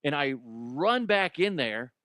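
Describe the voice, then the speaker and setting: Profane, rambling middle-aged radio host. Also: male voice, on the high side, sing-song, slow pace, pushed and bright, smooth, no echo, studio quality. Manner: profane, self-deprecating, rambling. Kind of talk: casual comedic talk radio monologue.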